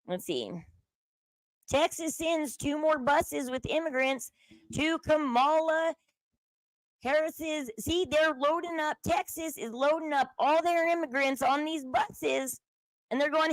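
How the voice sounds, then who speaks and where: A woman's voice: sits high, slow pace, dry recording. A woman host giving casual, rambling commentary while browsing on her computer at home, acting out the people she quotes.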